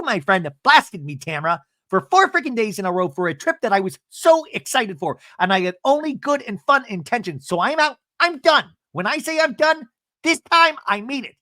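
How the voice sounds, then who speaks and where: A man doing a shrill, defiant middle-aged woman. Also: no echo, clean studio sound, full character voice. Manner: loud, emphatic, self-righteous. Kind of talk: comedic impression in a recap.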